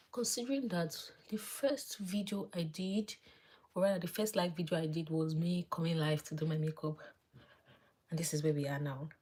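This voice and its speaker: Woman vlogger, low voice, husky, chatty live makeup tutorial with soft asides. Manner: chatty, thinks aloud, drops to soft murmurs while applying makeup. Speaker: beauty vlogger.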